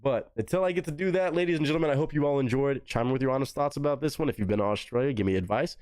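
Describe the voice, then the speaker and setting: A man hosts a live reaction to music. His voice sits in a middle register and swings up and down with excitement as he swears. The sound is dry and close, with no room echo. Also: rapid-fire. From Texas. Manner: excitable, swears freely, big swings in pitch.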